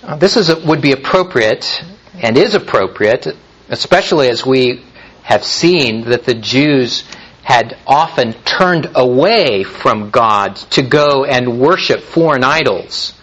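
Slow, husky-voiced male preacher. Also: medium pitch, lively intonation, a bit bright, highs cut off. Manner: measured preaching with frequent pauses and restarts. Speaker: pastor. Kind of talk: sermon.

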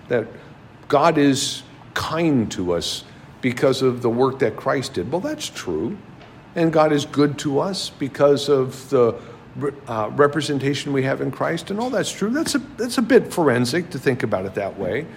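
A man's voice: medium pitch, big pitch swings, moderate pace, a little hiss or hum. A man preaching a sermon, teaching a class and asking his listeners many rhetorical questions.

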